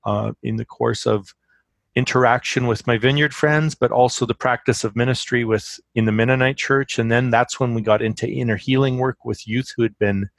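A man with a mid-range voice talks about faith in a lively, emphatic way, repeating phrases to drive his point home. The recording is dry and close. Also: mid-range voice, moderate pace, vocal fry, no echo. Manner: warm, animated storyteller with emphatic repetitions. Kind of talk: conversational teaching on faith.

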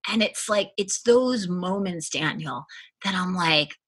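A woman's voice: lowish voice, expressive, takes it slowly, a bit bright, slightly rough. A woman giving an emotional faith testimony as a guest, earnest and fervent, repeating her phrases for emphasis.

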